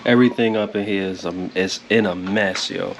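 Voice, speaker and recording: A man hosting a casual home vlog, talking in a relaxed, rambling way with laid-back slang. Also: low-pitched, normal speed, creaky, faint music behind. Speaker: vlog host. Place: home indoors.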